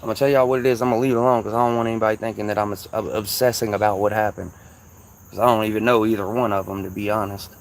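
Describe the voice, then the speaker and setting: A man from Kentucky with a Louisville accent and a soft, slightly raspy voice, rambling casually to his viewers on a livestream in slang. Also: on the low side, flat delivery, rapid-fire, a little hiss or hum.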